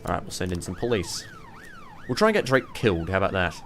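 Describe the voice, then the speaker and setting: A man's voice: sits low, huge pitch swings, fast, a bit bright, faint music behind. A man giving let's play commentary, thinking aloud in a rambling way and swearing casually. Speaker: gamer playing a police management game.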